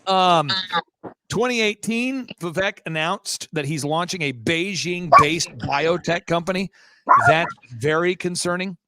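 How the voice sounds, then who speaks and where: Emphatic high-voiced man on a talk show. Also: background noise. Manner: emphatic, rapid-fire, rhetorical questions. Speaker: guest. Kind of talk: live talk show chat.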